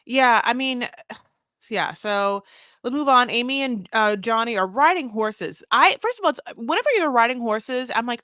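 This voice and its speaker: A woman's voice: a little high, lively intonation, normal speed, pushed and bright, dry recording, studio quality. A woman co-hosting a casual recap podcast, chatty and rambling, often jumping in with short replies. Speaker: podcast co-host.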